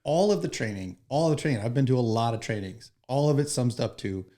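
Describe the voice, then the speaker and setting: A man, a firefighter guest, telling stories in an interview in an animated, joking, profane way. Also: mid-range voice, fairly quick. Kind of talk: storytelling in a podcast interview.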